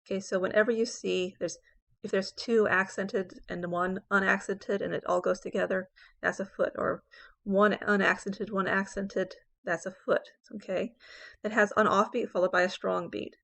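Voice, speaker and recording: A woman's voice: mid-range voice, flat delivery, normal speed, gravelly, a bit bright. A woman English professor giving a recorded poetry lecture, explaining step by step and often saying "okay" between points.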